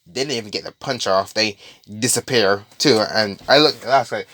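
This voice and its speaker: A man's voice: lowish voice, normal speed, pushed and bright, no echo. A man casually improvising a made-up story, rambling with many restarts and asides.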